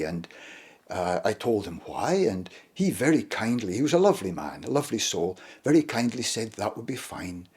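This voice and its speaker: An older man from Shetland, telling childhood stories in a casual, unhurried way. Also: mid-range voice, slightly rough. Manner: unhurried, fond retelling of childhood memories. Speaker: storyteller. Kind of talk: casual spoken storytelling.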